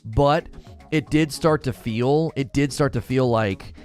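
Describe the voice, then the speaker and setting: A man hosting a live gaming stream, chatting back to viewers in an animated way with quick restarts. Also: medium pitch, soft background music. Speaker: gaming channel host. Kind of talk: live-stream chat reading viewer comments.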